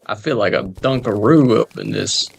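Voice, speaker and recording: A man's voice: on the low side, normal speed, vocal fry, a little hiss or hum. A man joking and rambling through casual gameplay commentary, often trailing off into mumbled asides. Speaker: gamer recording gameplay.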